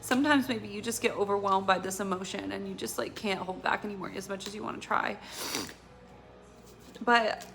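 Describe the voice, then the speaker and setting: A woman's voice: medium pitch, fairly even intonation, moderate pace, vocal fry, fairly bright tone. A woman giving a casual intuitive tarot reading, talking in a rambling, earnest and emotional way with many fillers. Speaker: tarot reader.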